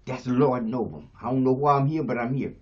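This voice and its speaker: A man in his seventies preaching a sermon as pastor, shifting between quiet talk and shouts. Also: lively intonation, fast talker. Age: 70s. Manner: preaching, swings from low to shouting. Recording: dull lo-fi radio sound.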